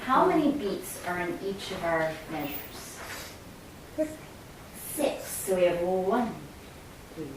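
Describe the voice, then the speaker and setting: A woman choir director explaining rhythm and breathing to singers and singing example phrases. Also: mid-range voice. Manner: explains and sings demonstration phrases. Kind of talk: choir rehearsal instruction. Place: rehearsal room. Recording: echoey room from far off, faint ambience.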